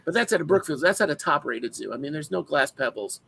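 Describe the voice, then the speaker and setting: Animated gravelly man telling stories. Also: fairly high pitch, quick pace, low-quality recording. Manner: animated storyteller, acts out his own shouts. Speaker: podcast co-host. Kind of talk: casual chat.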